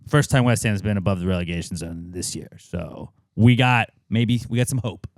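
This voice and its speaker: A man's voice: on the low side, moderate pace, dry recording, clean studio sound. A man in his thirties, co-hosting a podcast, who tells rambling, profane stories full of filler words in casual chat. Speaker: podcast co-host.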